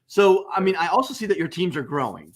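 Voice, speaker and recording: Emphatic high-voiced man hosting. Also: fast. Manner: emphatic, repeats phrases, lively swings in pitch. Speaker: host. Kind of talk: enthusiastic business webcast talk.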